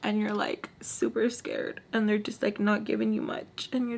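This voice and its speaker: A woman's voice: mid-range voice, flat delivery, moderate pace, creaky, a little mellow. A young woman telling a story to her camera in a chatty, casual way, acting out the dialogue and saying "like" a lot. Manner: chatty, full of "like" and acted-out quotes. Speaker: storyteller vlogger.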